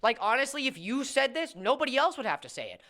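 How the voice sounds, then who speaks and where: A woman's voice: high-pitched, sing-song, quick pace, fairly bright tone. Lecturing woman in a call-out video. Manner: lecturing, confrontational. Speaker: video creator addressing another creator.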